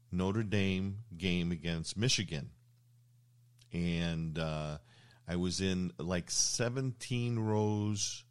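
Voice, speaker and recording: An older man hosts a casual interview, telling rambling anecdotes full of fillers and restarts. His voice is low and smooth.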